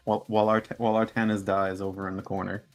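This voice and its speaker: A man's voice: deep voice, little pitch movement, fast, soft background music. A man co-hosting a live stream, presenting slides in a playful, mock-formal way and often breaking into laughter. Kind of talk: casual live-stream chat.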